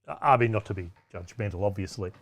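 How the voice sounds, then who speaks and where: A man's voice: lowish voice, fast. A man hosting a pub quiz, reading out questions with wry, cheeky asides and chatty self-corrections. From Australia. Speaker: quiz host.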